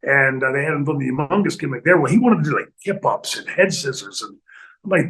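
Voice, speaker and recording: A middle-aged man casually telling stories in a studio interview, animated and laughing often, acting out other people's lines. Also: fairly high pitch, fast talker, rough recording. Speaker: retired pro wrestler guest telling stories. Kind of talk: casual storytelling in a podcast interview.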